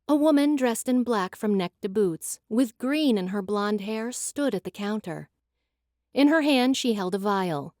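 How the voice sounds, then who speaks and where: A woman giving an expressive, dramatic scripted narration of a fantasy audiobook. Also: medium pitch, a little slow, no echo, clean studio sound.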